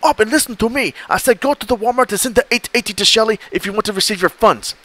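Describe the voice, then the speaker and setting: A man doing a shrill, furious phone scammer. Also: fast talker, a bit bright. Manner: barking, impatient, insulting. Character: angry shouting male phone scammer.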